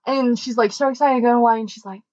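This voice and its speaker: A young woman co-hosting a podcast, telling a story casually and acting out the quoted voices with big jumps in pitch. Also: steady tone, very fast, a little mellow, dry recording. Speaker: podcast co-host. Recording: dull, dry lo-fi mic.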